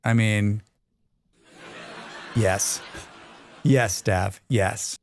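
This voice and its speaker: A man's voice: on the low side, steady tone, extremely slow. A man streaming a survival game, chatting casually and rambling while reading chat aloud.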